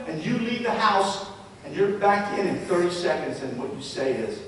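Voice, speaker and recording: Male presenter, higher-pitched, storytelling talk to parents and teachers, distant mic in a reverberant hall. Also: very animated, moderate pace. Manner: storytelling with rhetorical questions. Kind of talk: live public talk to parents and educators. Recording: echoey hall, distant mic, faint rumble.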